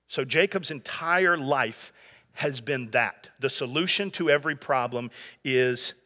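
A man's voice: mid-range voice, pushed and bright, in a large hall. A man in his thirties preaching a sermon in a conversational way, with humor and asides to the congregation. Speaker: pastor.

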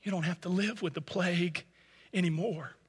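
A man's voice: sits high, steady tone, normal speed, breathy edge, long reverb tail. A man preaching a sermon and telling a story in an earnest, impassioned way. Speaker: pastor.

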